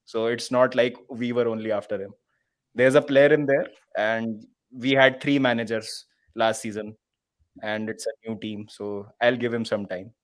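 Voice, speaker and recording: A man's voice: medium pitch, fairly even intonation, normal speed. Male co-host, hesitant casual football talk. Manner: hesitant, laughs often, many fillers.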